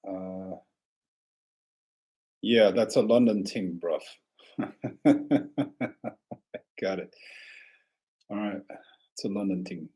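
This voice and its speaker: A man hosting a casual livestream, answering viewer questions in a relaxed, rambling way with frequent restarts. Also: fairly low pitch, very slow, pauses often.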